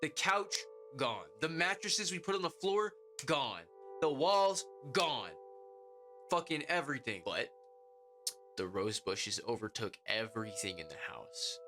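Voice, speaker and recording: A young man hosting a podcast, telling a story in a casual, profane way and acting out quotes in high voices. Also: expressive, measured pace, sharp tone, soft background music. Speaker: podcast host.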